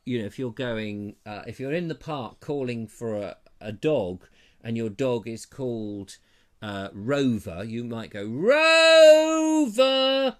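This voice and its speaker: A man's voice: fairly low pitch, measured pace, darkish tone. A man from England hosting a live online chat show, reading out viewer comments in a rambling, self-deprecating way.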